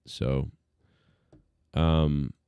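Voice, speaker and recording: A man with a low, warm voice talks loosely over a live stream, rambling and trailing off with ums and uhs. His voice comes through smooth and close, with no room sound around it. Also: flat delivery, drawn-out words, dry recording, phone-quality sound. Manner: laid-back, rambling, full of fillers. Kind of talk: casual live-stream commentary.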